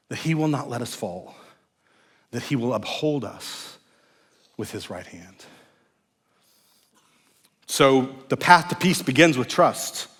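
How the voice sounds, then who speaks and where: Middle-aged male pastor, sermon delivery, emphatic, then drops to near-whispered hushes, echoey sanctuary. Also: medium pitch. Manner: shifts from warm emphasis to hushed, soft phrases. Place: large church sanctuary. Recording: echoey church hall.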